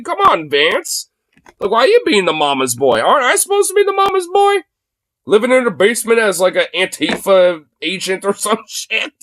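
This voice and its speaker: A man's voice: high-pitched, pushed and bright, no echo. A man live-streaming his reaction to a broadcast, talking in a crude, rambling, mocking way with lots of slang filler. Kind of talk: casual profane live commentary. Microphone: streaming mic.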